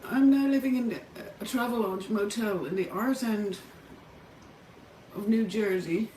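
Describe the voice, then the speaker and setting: A woman's voice: medium pitch, a little slow, dark tone, far from the mic. A middle-aged Irish woman speaking in a raw, tearful monologue to camera from a motel room, swearing heavily and breaking into angry outbursts. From Ireland. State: tearful and distressed. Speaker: vlogger. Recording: roomy, off-mic with faint background hum.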